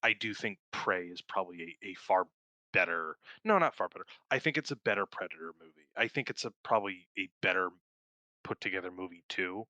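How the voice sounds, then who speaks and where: A young man co-hosting a podcast, casually reviewing a film in a rambling, profane and excited way and laughing often. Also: low-pitched, brisk, dry recording. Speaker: podcast co-host.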